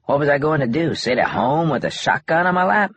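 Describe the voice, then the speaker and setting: A man voicing a wry, easygoing young man in an audiobook, in a husky, laid-back joking manner. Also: fairly high pitch, big pitch swings, fairly quick, a bit bright, no echo, voice pushed up, heavily acted. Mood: relaxed, wry. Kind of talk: audiobook dialogue.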